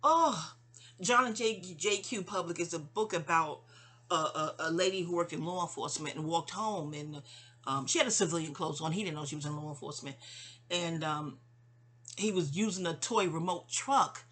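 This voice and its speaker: A woman's voice: lowish voice, normal speed, fairly bright tone. A middle-aged woman in a rambling, candid personal monologue addressed to her mother. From New York. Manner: rambling, digressive, candid, stumbling restarts. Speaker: vlogger.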